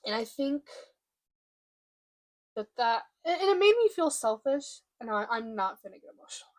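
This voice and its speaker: A young woman in a confessional vlog, speaking candidly and haltingly while holding back emotion. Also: a little high, sing-song. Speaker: vlogger. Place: room by a window, at home.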